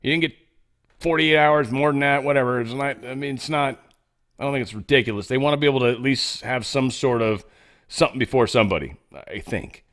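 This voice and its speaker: A man's voice: mid-range voice, brisk, fairly bright tone. A man hosting a podcast, giving casual commentary in a sarcastic, rambling way and swearing often. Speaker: podcast host.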